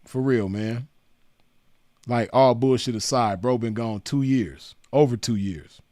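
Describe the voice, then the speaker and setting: A man with a mid-range, dark-toned voice speaks unhurriedly in a studio-quality recording with no room sound. As a commentator addressing the camera, he mocks someone in relaxed, profane street talk, constantly saying "man" and "you know what I mean."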